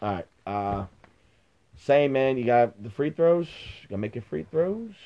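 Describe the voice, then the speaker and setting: Faint music plays behind a middle-aged man hosting a sports podcast, chatting casually with blunt opinions and plenty of swearing. His mid-range voice is lively in intonation and unhurried, on dull lo-fi sound.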